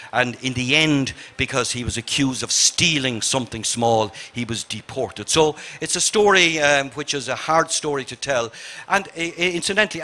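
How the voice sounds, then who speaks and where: Older irish guy, bright sharp voice, earnest, keeps restarting his sentences. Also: medium pitch. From Ireland. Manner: earnest, halting with many restarts. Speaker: novelist on a festival panel. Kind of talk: reflective festival conversation.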